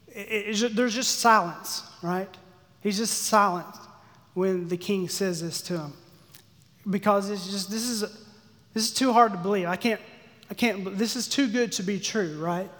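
A man giving a sermon, acting out the characters' pleas with lively energy. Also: high-pitched. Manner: animated, acts out the servant's pleas. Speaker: pastor. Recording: long hall reverb.

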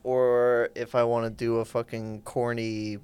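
A man's voice: medium pitch, little pitch movement, unhurried, darkish tone, smooth. Laid-back foul-mouthed male podcast host. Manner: laid-back, profane, joking. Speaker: podcast host and stand-up comedian. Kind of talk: casual comedic podcast chat.

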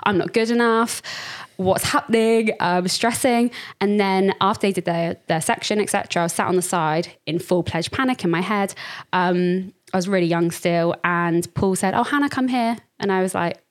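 Woman, young adult, slightly low voice, lively storyteller who voices her own past thoughts; a podcast guest. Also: normal speed. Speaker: guest, dancer and teacher. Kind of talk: casual interview chat.

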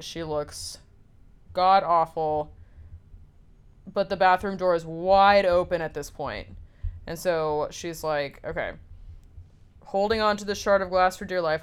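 A woman's voice: on the low side, clean tone. A young woman casually recapping a horror film's plot, talking loosely with lots of fillers and the odd swear word. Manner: casual, filler-heavy storytelling with frequent "like" and swearing. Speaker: film recapper.

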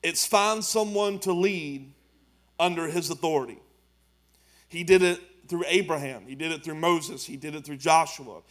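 A man's voice: a little high, moderate pace, a bit bright. A man, preaching a sermon as pastor, building to emphatic declarations in plain colloquial speech.

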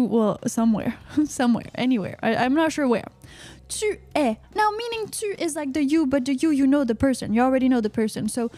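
A playful woman hosts a live stream, chatting casually and dropping "uh-huh" between thoughts. Her voice sits high and bright for a woman. The sound is close and dry, with no room around it. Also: dry recording. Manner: playful, chatty, frequent "uh-huh" fillers and giggles. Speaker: radio show host.

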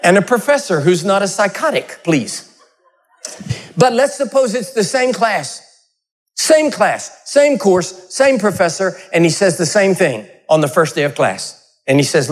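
A male preacher with a fairly high voice delivers a sermon. He talks in a loose, conversational way and keeps the congregation laughing with humorous stories. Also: expressive, measured pace.

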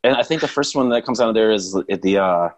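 A young man with a fairly low voice, talking in a relaxed, rambling way. He keeps the conversation loose and casual, often with a chuckle. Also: a little fast, low-quality recording. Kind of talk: casual chat.

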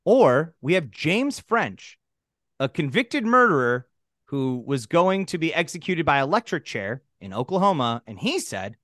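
A man's voice: a little high, very animated, measured pace, fairly bright tone, no room sound, clean studio sound. A man co-hosting a podcast, casual comedic banter in a loose, profane, jokey way. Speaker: podcast co-host.

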